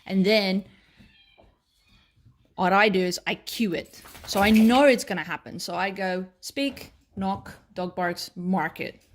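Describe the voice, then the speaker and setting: A woman's voice: medium pitch, fairly even intonation, a little slow. An Australian woman working as a dog trainer, explaining at a whiteboard in a casual, chatty way and often checking in with "right?" and "okay".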